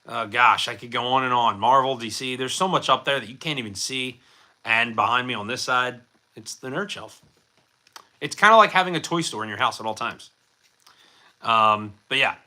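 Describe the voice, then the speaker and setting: Speaking at normal speed in a bright, pushed, medium-pitched voice, a livestream host rambles through viewer questions. He uses lots of fillers and keeps things jokey and self-deprecating.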